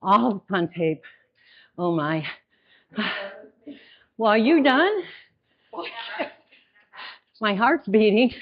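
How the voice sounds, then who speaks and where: A woman leading a group session, gentle, encouraging and playful. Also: mid-range voice, expressive, extremely slow, long pauses, highs cut off. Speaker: workshop facilitator.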